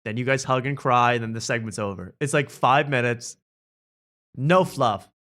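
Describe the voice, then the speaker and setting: A man's voice: medium pitch, moderate pace, fairly bright tone. A man hosting a comedy podcast, reacting to talk show clips with sarcastic jokes and frequent laughter. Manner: sarcastic, jokey, laughing often. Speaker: podcast host.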